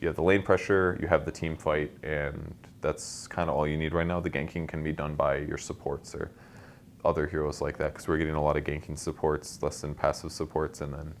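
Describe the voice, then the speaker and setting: A man with an extremely low voice talks through game tactics at a brisk clip, piling up explanations with loose fillers. A faint rumble sits under the recording. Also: flat delivery. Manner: fast, knowledgeable, explaining tactics with many fillers. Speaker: esports analyst. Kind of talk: casual game analysis chat.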